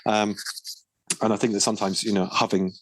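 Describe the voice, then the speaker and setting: A man's voice: on the low side, flat delivery, brisk, breathy edge, no room sound. A man co-hosting a podcast, chatting casually with teasing, wry banter. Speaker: podcast co-host. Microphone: podcast microphone.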